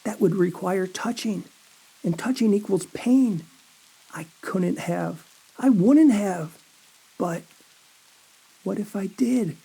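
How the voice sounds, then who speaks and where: A man narrating a first-person horror audiobook in a dazed, anxious inner monologue full of halting questions. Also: high voice, vocal fry, dark tone, slightly rough.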